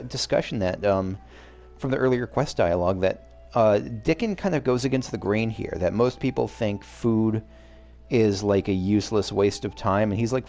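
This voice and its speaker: A man's voice: mid-range voice, darkish tone. A man giving casual, rambling, joking commentary while playing a video game. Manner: rambling, joking, many fillers. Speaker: let's play host.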